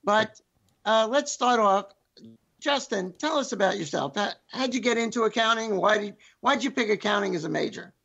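A man's voice: sits high, gravelly, pushed and bright, lo-fi sound. A man with a New York accent from Long Island, hosting a podcast in a joking, chatty way. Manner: joking, chatty, drawn-out phrasing. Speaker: podcast host. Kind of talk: casual chat.

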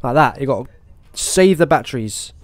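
A man's voice: medium pitch, normal speed, dry recording. A British man with an English accent commenting on a horror game as he plays, reacting jumpily and swearing a lot. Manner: jumpy, swearing, excitable reactions. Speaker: gaming YouTuber.

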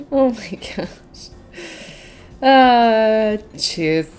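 Her voice is medium-pitched and darkish, with lively intonation, drawn-out words, and long pauses, as this young gaming channel host casually narrates gameplay. She squeals and gushes over cute things, giggling often, with faint music behind her.

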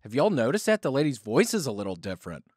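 Lively teasing podcast host, man. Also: mid-range voice, husky, no room sound, clean studio sound. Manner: curious, teasing, quick follow-up questions. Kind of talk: casual podcast chat.

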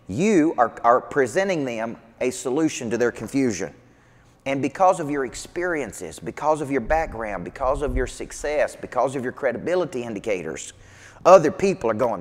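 A man's voice: medium pitch, normal speed. Man, motivational coach, emphatic, repetitive rhythm, echoing hall. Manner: emphatic, repetitive, energetic preaching cadence. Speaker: business coach. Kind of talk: motivational talk. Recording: long hall reverb.

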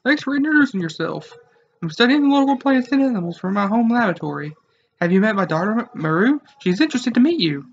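A man's voice: high-pitched, sing-song, fast, gravelly, dull audio, slight background noise, exaggerated voice. A man voicing a polite male scientist and father in a formal, read-aloud way.

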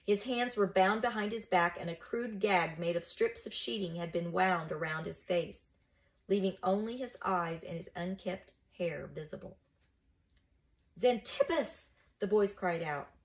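A woman's voice: lowish voice, moderate pace, low-quality recording. A woman reading a children's novel aloud, telling the story steadily and expressively. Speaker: reader of a children's book.

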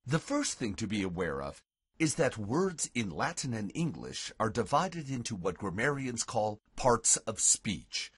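A man teaching a recorded Latin lesson, reciting verse slowly and deliberately for learners to repeat. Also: fairly low pitch, big pitch swings, a bit bright, breathy edge, no echo, clean studio sound.

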